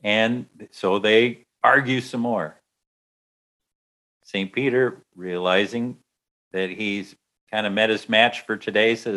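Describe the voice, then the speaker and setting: Male storyteller, lowish voice, lively, acts out the parts. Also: slow, pauses often. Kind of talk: telling an anecdote.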